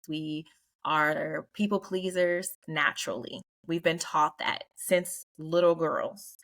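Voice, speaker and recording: A woman's voice: deep voice, fairly bright tone. Woman host chatting casually, earnest and a bit preachy, laughs a lot. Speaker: podcast host. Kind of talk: casual group chat.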